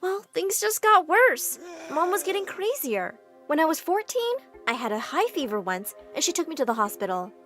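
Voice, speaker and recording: A woman narrating an animated story in the first person, in an animated, expressive storytelling manner. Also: extremely high pitch, normal speed, hardly any pauses, soft background music.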